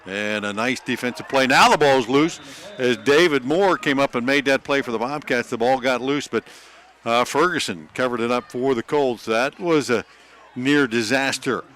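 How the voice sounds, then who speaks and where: Bright-voiced man calling football plays. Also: mid-range voice. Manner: rapid play calling, jokes like an auctioneer. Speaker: play-by-play announcer. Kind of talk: high school football play-by-play.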